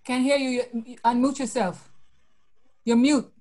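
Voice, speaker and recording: Brisk woman moderating a webinar. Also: a little high, steady tone, darkish tone. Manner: brisk, keeps things moving. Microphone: video call.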